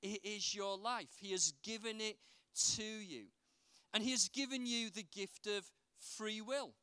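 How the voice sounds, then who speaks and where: A man delivers a sermon in a high, clear voice, telling anecdotes and asking the listeners rhetorical questions. The recording is dry and close, with no room echo. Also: measured pace. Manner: animated storytelling with rhetorical questions. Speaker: preacher.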